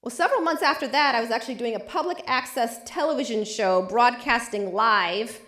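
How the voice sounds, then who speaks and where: A woman's voice: on the high side, fairly quick, a bit bright, echoey room. A woman lawyer giving a lecture, telling a vivid personal story. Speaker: civil rights lawyer. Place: lecture hall.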